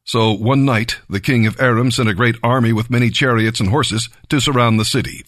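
Slow, measured male scripture reader. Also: medium pitch, fairly even intonation, a bit bright, dry recording, studio quality. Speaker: Bible reader.

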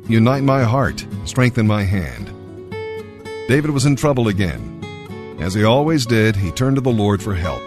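A man reading scripture and giving devotional commentary in an earnest, expressive way. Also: mid-range voice. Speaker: Bible reader and devotional speaker.

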